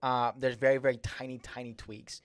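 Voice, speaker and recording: A man's voice: mid-range voice, flat delivery, moderate pace, no echo. A young man hosting a livestream, giving casual, rambling feedback on a submitted song with lots of fillers and repeated words, slightly slurred S's. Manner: says he slurs his S's a little. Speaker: livestream host reviewing music submissions.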